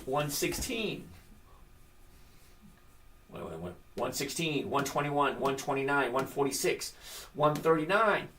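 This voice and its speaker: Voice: medium pitch, lively intonation, unhurried, pauses often, fairly bright tone. A trading host giving blunt, opinionated commentary while going through stock charts on screen, sarcastic and mocking, laughing at figures they dislike. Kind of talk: screen-share market commentary.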